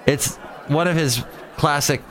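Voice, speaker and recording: A man's voice: fairly high pitch, a little slow, fairly bright tone, some chatter behind. A man hosting a casual solo show, rambling and sarcastic as he jumps from topic to topic. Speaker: podcast host.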